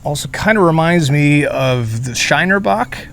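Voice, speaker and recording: A man's voice: on the high side, animated, measured pace, gravelly, a bit bright. A man hosting a casual beer review vlog outdoors in a beer garden, chatty and rambling with jokey asides, sweating in the heat. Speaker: beer reviewer, channel host.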